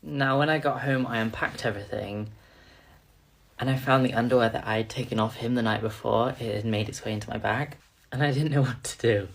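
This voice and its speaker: A man's voice: mid-range voice, brisk, gravelly. A man telling a self-conscious storytime in a confiding way. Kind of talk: storytime narration.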